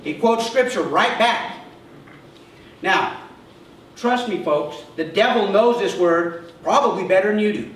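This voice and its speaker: A man's voice: high voice, measured pace, fairly bright tone. A man preaching a sermon as the church's pastor, in a conversational way that keeps checking in with "okay?". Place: church sanctuary. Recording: echoey church sound heard from a distance with faint noise.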